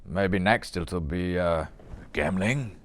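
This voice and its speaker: Man doing a calm companion, low voice, slow, lively pitch, soothing, comedy sketch. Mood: explaining.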